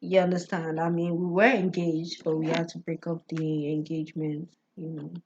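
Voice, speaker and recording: A woman with a low, fairly flat voice speaks at a moderate pace, her tone a little mellow, with a faint hiss or hum in the slightly muffled lo-fi recording. An astrology vlogger, she tells a personal story in a casual monologue, stammering and restarting words. She laughs often and keeps asking, "you get what I'm saying?"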